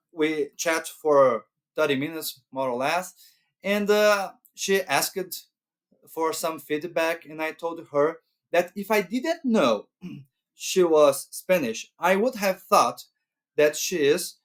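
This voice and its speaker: A man's voice: fairly high pitch, animated. A man from Brazil, a native Portuguese speaker with a Brazilian Portuguese accent, giving casual advice as a language vlogger and often checking in with "right?". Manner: unhurried, tags points with "right?".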